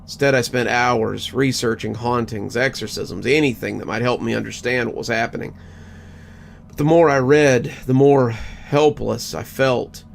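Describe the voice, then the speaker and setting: A man narrating a first-person horror story in a measured, scripted way. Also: medium pitch, fairly even intonation, vocal fry, slight background noise. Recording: faint background music.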